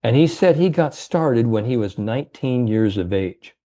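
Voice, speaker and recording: A man's voice: mid-range voice, lively intonation, moderate pace, mellow. A man telling a motivational story as a guest coach, earnest and rallying, with many fillers. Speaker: confidence and mindset coach, guest.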